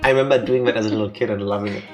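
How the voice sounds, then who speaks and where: A woman co-hosting a let's play, commenting casually with jokes and quick asides. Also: rumbling low, fairly even intonation, over music. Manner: joking, quick asides, laughs often.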